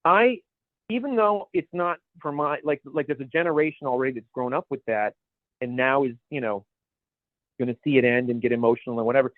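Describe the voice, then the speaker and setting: A man's voice: medium pitch, a little fast, dry recording. A man co-hosting a podcast in casual chat, rambling and searching for words as he goes. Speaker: podcast co-host. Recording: dry, phone-like narrow sound.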